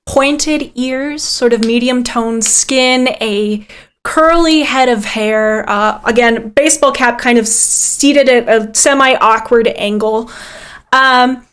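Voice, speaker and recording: A woman narrating a tabletop game as game master, describing scenes in an unhurried way with frequent ums. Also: fairly high pitch, a bit bright, smooth.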